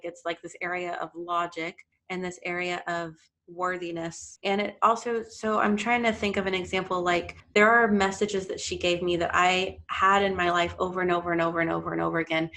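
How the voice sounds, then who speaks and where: Gravelly low-voiced woman telling her story. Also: a bit bright. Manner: reflective, earnest, speaks of spiritual experiences. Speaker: podcast guest. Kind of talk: candid personal storytelling.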